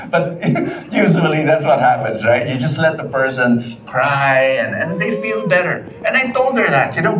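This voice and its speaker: A Filipino man preaching with a bright, lively voice that swings up and down in pitch. He drifts between English and Tagalog and laughs easily. He is heard from a little way off in a roomy space with faint noise behind him. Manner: lively, mixes English and Tagalog, sings briefly, laughs often. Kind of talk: sermon. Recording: roomy, from some distance, faint background noise.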